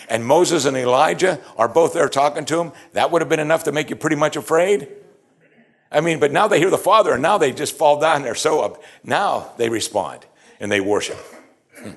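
A man preaching a sermon, animated, acting out the quoted lines and chuckling as he explains. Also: medium pitch.

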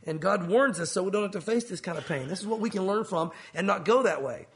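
A man with a high-pitched voice delivers a sermon from the pulpit. He preaches earnestly and steps into the voices of the people in his story now and then. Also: expressive, fast talker, slight background noise. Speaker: pastor.

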